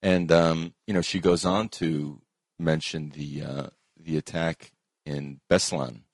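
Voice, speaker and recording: A man hosting casual commentary, talking with many ums and uhs and pausing often. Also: a bass voice, fairly even intonation, dry recording, studio quality.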